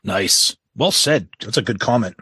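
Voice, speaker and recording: Bright, husky male podcast co-host. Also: on the low side, expressive, moderate pace, no echo, studio quality. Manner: short agreeing interjections. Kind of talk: casual podcast chat.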